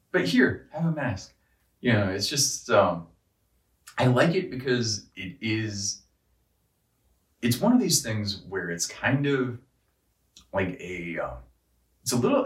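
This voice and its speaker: Deep-voiced man ranting profanely, roomy. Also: far from the mic. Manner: profane, exasperated, rambling with restarts. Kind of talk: casual rant.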